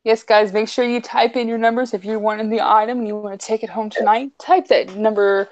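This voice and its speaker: A woman calling bids on a live online jewelry auction, brisk and chatty, repeating prices and urging viewers to type their numbers. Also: on the high side, steady tone, a little mellow, highs cut off. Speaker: auctioneer co-host.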